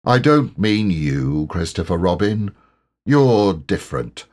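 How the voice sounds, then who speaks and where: A man reading an audiobook, voicing a gloomy, self-pitying old grey donkey in a slow, melancholy drawl. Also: low voice, big pitch swings, darkish tone, heavily acted.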